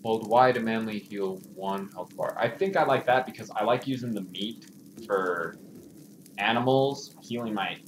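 A man hosting a gaming channel, giving excitable, jokey let's-play commentary straight to his viewers. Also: on the low side, normal speed, noisy background.

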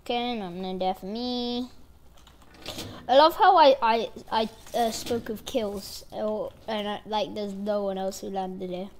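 A woman's voice: medium pitch, a little slow, darkish tone, a little hiss or hum. A woman giving playful, rambling commentary over her own gameplay. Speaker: gaming channel host.

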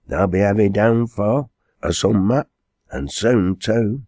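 A man's voice: on the low side, a little slow, darkish tone, dry recording, studio quality, pitched above the performer's own voice. A man voicing a cheery, hungry old yard servant with a broad Lancashire dialect, jovial and sing-song, in an audiobook. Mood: hearty.

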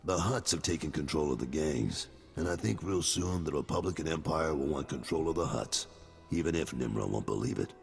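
An actor playing a blunt, streetwise middle-aged gang boss in a video game, with a deep gravelly voice. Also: male voice, in a large hall, full character voice. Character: gruff middle-aged male gang boss, worried father.

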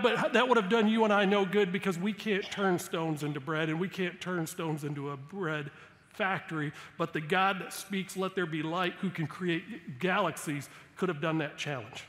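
High-voiced preacher in a reverberant church. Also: male voice, moderate pace. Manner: emphatic preaching, rising loud on key points. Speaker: guest pastor. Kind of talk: sermon. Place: church sanctuary. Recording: long church hall reverb.

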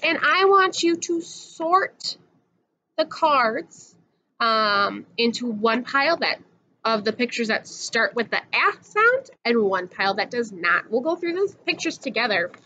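A woman's voice: on the high side, very animated, measured pace, bright, forceful tone, slight background noise, low-quality recording. A woman teacher giving a patient, sing-song phonics lesson to young children, drawing out each sound.

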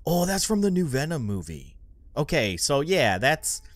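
A man's voice: fairly high pitch, very animated, moderate pace, no room sound, faint music behind. A young man hosting a gaming channel, rambling through let's play commentary and getting easily spooked.

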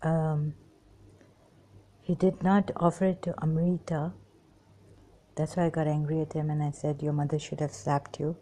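A woman recounting memories in a halting personal monologue, pausing often, apologizing and trailing off. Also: low-pitched, little pitch movement, mellow. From Pakistan. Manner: hesitant, many pauses and apologies, trails off.

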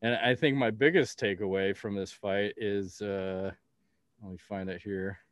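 A man's voice: on the low side, fairly even intonation, measured pace, dry recording, clean studio sound. A man hosting a podcast in casual chat, blunt and rambling, swearing freely. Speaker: podcast host.

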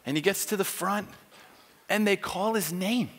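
Male church speaker, high voice, animated storytelling, long church reverb. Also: moderate pace, husky. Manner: animated, lots of fillers. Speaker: conference speaker. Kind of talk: storytelling sermon.

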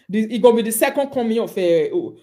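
Woman, Nigerian accent, high-pitched, mocking, scolding, live video rant. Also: expressive, quick pace, dark tone. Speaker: online commentator.

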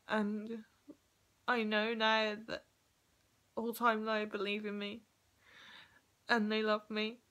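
A young woman talking to camera in a personal vlog, emotional and crying, with halting restarts. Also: medium pitch, fairly bright tone. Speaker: vlogger. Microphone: phone or webcam recording.

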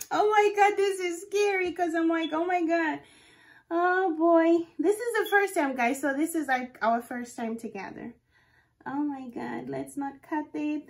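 A woman's voice: high voice, a little slow. A young woman vlogging to viewers and talking herself through a wig install, exclaiming and narrating each step, recorded on a phone camera. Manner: excitable, exclaiming, narrating her own actions to viewers. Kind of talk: casual self-talk while doing a wig install.

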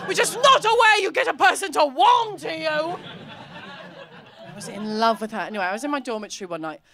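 A young woman performing stand-up on a comedy club stage, telling a rambling, self-mocking story and jumping into high character voices. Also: expressive, brisk, sharp tone, a faint crowd.

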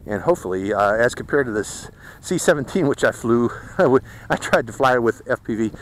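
Outdoors at a flying field, a man hosts a hobby video with casual flight-test commentary, chatting to viewers he calls folks about a model plane flight. His medium-pitched voice is animated at a moderate pace, and the rough recording carries some hiss or hum.

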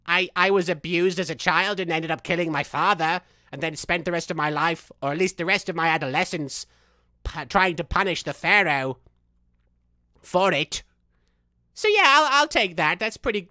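Vain manic villain guy played by a man, super bragging, voice bouncing everywhere, bright and bratty. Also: fairly high pitch, expressive, moderate pace, dry recording, clean studio sound. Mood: boastful. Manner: boastful, theatrical, wildly swinging delivery, laughs at himself. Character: vain, unhinged young male villain, boastful and manic. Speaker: live streamer in character. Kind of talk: in-character gameplay commentary.

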